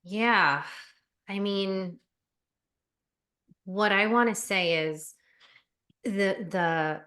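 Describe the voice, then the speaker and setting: A woman life coach talking earnestly as an interview guest, animated and full of fillers. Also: medium pitch, drawn-out words. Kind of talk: casual interview chat.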